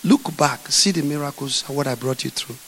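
A man voicing God in a sermon, speaking slowly, softly and patiently. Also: fairly high pitch, slight background noise, voice pushed down. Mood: calm. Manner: slow, soft and hushed. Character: God, calm patient divine father voice. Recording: echoey hall.

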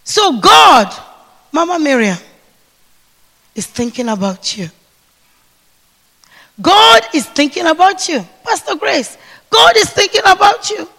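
A man preaching a sermon to a seated congregation, calling for responses and swinging between hushed whispers and shouts. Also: very high-pitched, sing-song, slow, creaky, long pauses. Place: church hall with seated congregation. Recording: long reverb of a large hall.

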